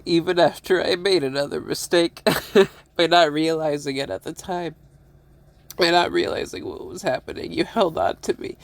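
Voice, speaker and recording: A tearful man speaks an emotional personal monologue in a slow, unhurried rhythm. His voice has a gravelly edge, and he stops often to repeat himself, with sighs and soft laughs between his phrases. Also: a little high, no room sound.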